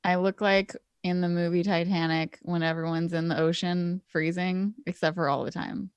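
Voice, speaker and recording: A woman's voice: fairly low pitch, steady tone, normal speed, smooth, no echo, muffled recording. A woman playing a tabletop game who talks in an offhand, casual way. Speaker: player.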